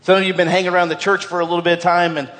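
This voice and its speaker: A man preaching in a fairly high voice, earnest and emphatic, repeating his main points so they stick. He often trips over doubled words as he goes. His voice rings out with a long echo from the church hall. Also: flat delivery, racing, a bit bright. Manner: frequent stumbles and repeated words. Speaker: pastor. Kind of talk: sermon.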